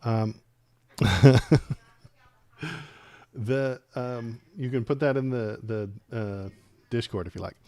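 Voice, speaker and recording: A man's voice: mid-range voice, fairly even intonation, slow, pauses often, a little mellow. A man hosting a political livestream, ranting sarcastically and rambling as he reacts to chat.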